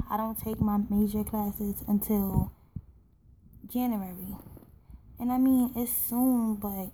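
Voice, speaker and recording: A woman's voice: mid-range voice, background noise. A young woman hosting her own podcast, talking in an earnest, heartfelt and rambling way full of fillers. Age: young adult. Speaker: podcast host. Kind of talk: personal solo podcast talk.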